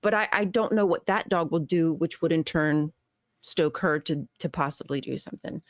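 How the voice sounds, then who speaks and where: A woman's voice: sits low, normal speed, no echo, studio quality. Exasperated woman telling a story. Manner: animated storytelling, exasperated, laughs often. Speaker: show guest. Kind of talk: casual chat.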